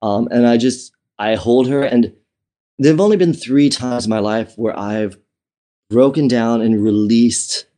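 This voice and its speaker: A man speaks as an interview guest, recounting his life in a candid, emotional way. His voice is mellow and relaxed in tone, and he often restarts phrases and fills pauses with um and you know. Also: medium pitch. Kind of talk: personal storytelling in conversation.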